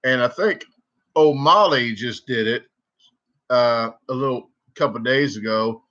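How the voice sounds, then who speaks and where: Man, Southern accent, casual rambling storyteller, bright tense voice, lo-fi muffled audio. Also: mid-range voice, a little slow. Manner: rambling, repeats and restarts, animated when quoting. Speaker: livestream host. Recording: dull lo-fi livestream audio.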